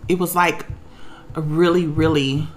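A woman's voice: low voice, fairly even intonation, a little slow, slight background noise. A woman on the verge of tears, telling a personal story in an emotional, emphatic way as a podcast co-host. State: close to tears.

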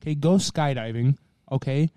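A man with a mellow, warm voice talks in loose, casual podcast chat. He rambles, drops a lot of fillers and swears freely. The sound is dry and close, with no room around it. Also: mid-range voice, normal speed, clear, resonant tone, dry recording. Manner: profane, rambling, laid-back. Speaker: podcast co-host.

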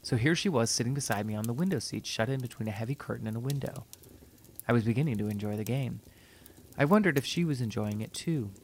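A man narrating a story in a steady, measured reading voice. His pitch sits in the middle of the range, and he takes his time over each sentence. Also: slight background noise.

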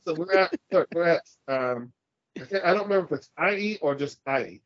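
A man's voice: a little high, expressive, brisk, no room sound, dull audio. A man co-hosting a casual podcast, ranting and swearing as he argues his point. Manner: profane, ranting, argumentative. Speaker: podcast co-host.

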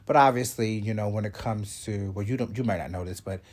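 A man's voice: lowish voice, brisk, a little mellow. A man with a congested voice, hosting a casual vlog update and rambling chattily with fillers and asides. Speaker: show host.

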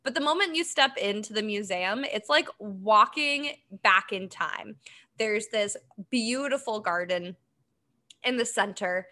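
A woman's voice: mid-range voice, expressive, unhurried, bright, forceful tone. A woman co-hosting a podcast, chatting casually about a documentary, with lots of ums and easy laughs. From Boston area. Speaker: podcast co-host. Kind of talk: casual chat recapping a documentary.

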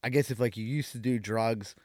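A man's voice: mid-range voice, steady tone, fairly quick, darkish tone, no room sound, studio quality. A man telling a story and ranting in casual podcast chat. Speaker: podcast co-host.

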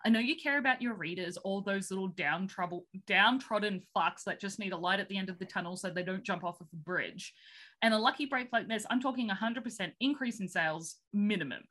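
A woman putting on a money-hungry female publicist who talks in a blunt, scornful sales pitch. The voice is bright and forceful, and the delivery sounds cold and pushy. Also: brisk, natural voice.

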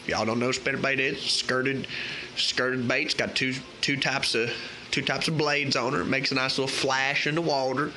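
A man's voice: medium pitch, normal speed, a little hiss or hum. A man playing a folksy male fishing guide in an exaggerated, put-on Southern US country accent. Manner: folksy, animated, hammy.

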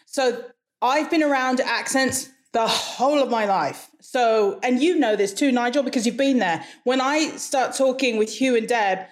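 A woman's voice: a little high, normal speed. A woman from Hawaii with an English-leaning accent, a guest talking frankly and chattily in a casual interview, often laughing.

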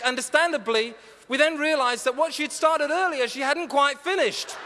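High, bright-voiced preacher. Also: male voice, a little hiss or hum. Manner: animated, self-mocking storyteller building to earnest exhortation. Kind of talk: humorous storytelling sermon. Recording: long reverb of a large hall.

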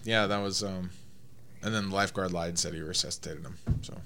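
A man's voice: sits low, steady tone, fast, background noise. A man co-hosting a podcast, chatting in an easygoing, hesitant way. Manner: easygoing, hesitant, many restarts. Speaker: podcast co-host. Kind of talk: casual chat.

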